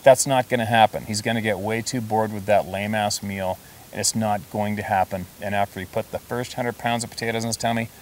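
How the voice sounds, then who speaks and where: A man with a fairly low voice tells stories in a loose, chatty way, pressing hard on his points. He sits a little back from the microphone, and a faint hiss runs under the recording. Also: fairly even intonation, a little fast. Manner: chatty, emphatic, laughs while telling. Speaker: storyteller. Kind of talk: casual storytelling. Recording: distant mic with faint hiss.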